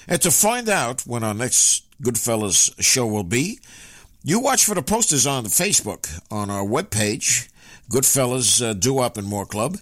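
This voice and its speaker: A male radio DJ whose pitch bounces up and down as he talks, stopping often on filler sounds between names and dates. His voice is dry and close to the mic, with no room sound. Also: fairly bright tone, dry recording. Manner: rambling, frequent filler pauses. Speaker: radio show host and DJ. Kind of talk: casual radio announcing.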